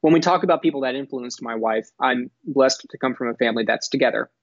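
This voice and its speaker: A man's voice: medium pitch, no echo. Earnest young man from Texas, articulate podcast guest; dry, slightly dull audio. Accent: none, mostly neutral American with a faint Texas drawl at times. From Dallas, Texas. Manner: articulate, earnest, measured with frequent restarts. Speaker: guest, entrepreneur. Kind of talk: podcast interview.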